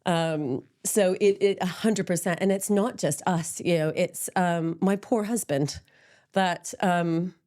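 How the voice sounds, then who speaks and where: Low-pitched middle-aged woman, frank and self-deprecating guest, loose conversational delivery. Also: takes it slowly, a little mellow. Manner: open and candid, frequent ums, laughs at herself. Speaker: interview guest, menopause support group founder. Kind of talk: candid conversational interview.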